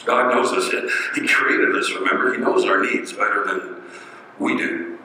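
A man preaches in a conversational style, pausing and posing rhetorical questions, captured from afar in a hall with lots of echo. His low-pitched voice is bright and forceful, and there's slight hiss or hum.

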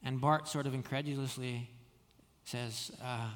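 A man preaching a sermon, telling stories with frequent restarts and stammered repeats, dropping soft when quoting. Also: sits high, normal speed, long reverb tail. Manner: storytelling, many restarts and stammered repeats, drops soft for quoted words. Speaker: pastor.

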